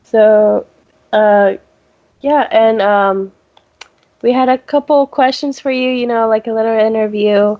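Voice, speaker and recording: A teenage girl co-hosting, sick with a cough, laughing often as she talks. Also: on the high side. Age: teens. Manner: laughs often, drawling and slow. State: coughing cold. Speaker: co-host. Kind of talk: casual interview chat. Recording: muffled call audio.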